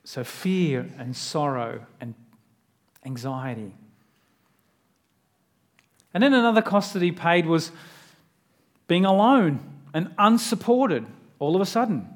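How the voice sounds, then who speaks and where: A man delivers a sermon in a notably high voice. He keeps it earnest and conversational rather than grand. He keeps drawing the listener in with direct questions. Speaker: preacher.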